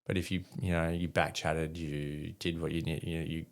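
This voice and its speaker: A man's voice: extremely low pitch, flat delivery, normal speed. A middle-aged Australian man, a guest on a podcast, telling army stories in a blunt, casual way, swearing freely and full of fillers and restarts. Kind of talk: casual storytelling interview.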